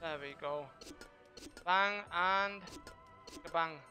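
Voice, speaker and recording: A man streaming a game with casual, profane commentary, trash-talking and shouting during fights. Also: on the high side, soft background music. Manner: brash, profane, quick to trash-talk. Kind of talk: live gameplay commentary.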